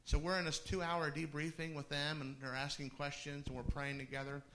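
A man's voice: on the high side, flat delivery, a little fast, fairly bright tone, slight background noise. A middle-aged male pastor telling a personal story in a sermon, conversational, with laughing asides and restarts.

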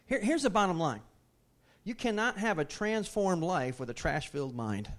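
A man with a notably high-pitched voice delivers a sermon to his congregation. He preaches emphatically, repeating phrases and asking the listeners questions. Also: very animated, moderate pace. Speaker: pastor.

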